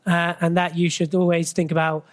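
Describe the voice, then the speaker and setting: Speaking at medium pitch into a stage mic at a live expo event, a lively presenter delivers motivational business content. Short, punchy, conversational lines alternate with rapid questions that keep checking in with the crowd.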